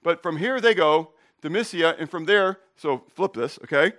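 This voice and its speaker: Animated, lively-voiced preaching man. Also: fairly high pitch, normal speed, hardly any pauses. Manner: conversational, asks the congregation questions; jokes and tells personal stories. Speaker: pastor. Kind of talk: sermon.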